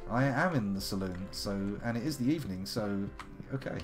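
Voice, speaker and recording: A man's voice: lowish voice, animated, brisk, soft background music. A man giving chatty, wry let's-play commentary as a game streamer. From United Kingdom. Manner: chatty, wry, reads characters aloud in silly voices.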